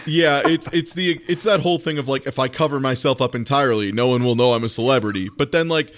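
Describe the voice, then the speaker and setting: A man chatting casually as a podcast co-host, retelling scenes and acting out characters' lines in quick voices. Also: medium pitch. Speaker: podcast co-host recapping an anime. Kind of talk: casual chat.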